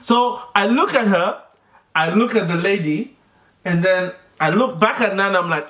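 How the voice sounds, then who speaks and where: An adult, telling a birth story in casual chat as the birth partner, animated, acting out what others said. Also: medium pitch, moderate pace. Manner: animated storyteller, acts out quotes, laughs often.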